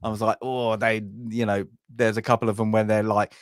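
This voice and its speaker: A man co-hosting a casual film podcast over a video call, rambling and halting as he restarts his phrases. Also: lowish voice, little pitch movement, clean tone, dry recording, clean studio sound.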